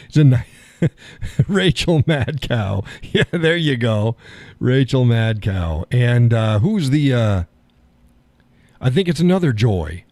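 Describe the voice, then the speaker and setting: A man's voice: mid-range voice, very animated, slow, pauses often, a little mellow, no room sound. An older man hosting a live stream, talking in a folksy, sardonic way and chuckling often. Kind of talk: casual political chat.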